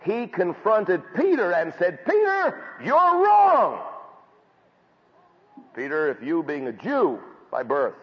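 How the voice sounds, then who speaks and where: Guy preaching a sermon, big swells then quiet, long hall echo, kinda dull audio. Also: sing-song, unhurried, few pauses, husky. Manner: preaching with rising emphatic swells, then dropping low. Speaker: pastor.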